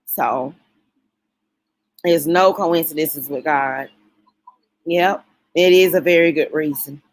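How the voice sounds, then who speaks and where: Slow-talking, emotional woman chatting on a livestream. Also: deep voice, no room sound. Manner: emotional, folksy, talks straight to chat. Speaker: livestream host talking with viewers. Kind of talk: casual late-night livestream chat.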